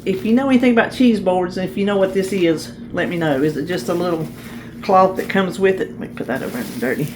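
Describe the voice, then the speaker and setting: A woman's voice: lowish voice, fast, background noise. A woman, chatting casually and folksily in a vlog, laughing easily, recorded on a phone camera in a car and at home. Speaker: vlogger.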